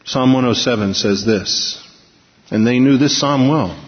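A man's voice: medium pitch, unhurried. Man preaching in a big echoing hall. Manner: storytelling, acts out quotes with shifting pace and volume. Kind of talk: sermon. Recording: dull, muffled sound in a long-reverb hall.

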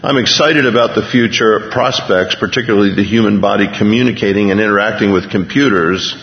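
A man's voice: lowish voice, brisk, creaky. A man preaching a conversational sermon, earnestly reading news items aloud to his congregation. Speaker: pastor. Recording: lo-fi recording with long hall reverb.

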